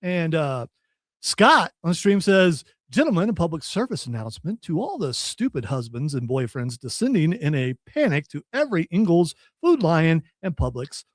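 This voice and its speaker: A man with a high voice hosts a local radio and stream show, chatting casually and cracking jokes. The sound is close and dry, straight from a studio mic. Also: sing-song, moderate pace, dry recording. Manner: jokey, drops into silly put-on voices. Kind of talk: casual chat.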